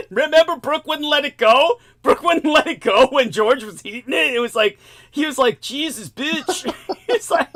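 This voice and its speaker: A man hosting a talk show in casual chat, animated and stammering, with frequent laughing asides. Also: very high-pitched, normal speed. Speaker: show host.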